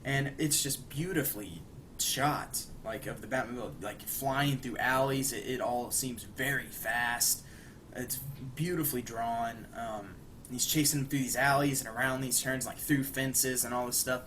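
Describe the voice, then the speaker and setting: A man's voice: mid-range voice, measured pace. A young man chats in a loose, rambling way, recapping a cartoon plot with plenty of fillers. He slips into brief quoted lines for the characters. There is a faint hiss of noise behind him. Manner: rambling, acts out quoted lines with animated bursts. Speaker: podcast co-host. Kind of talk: casual chat, retelling an episode.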